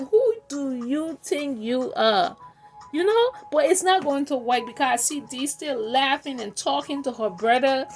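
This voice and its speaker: Woman, reaction host, high voice, slow, indignant commentary, faint music. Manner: indignant, scolding, repeats questions. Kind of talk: casual commentary.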